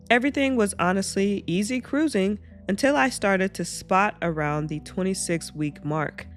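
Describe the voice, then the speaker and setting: A woman reading online stories aloud as host of her channel, breaking off into animated asides and reactions. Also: on the low side. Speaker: reddit story reader and reactor.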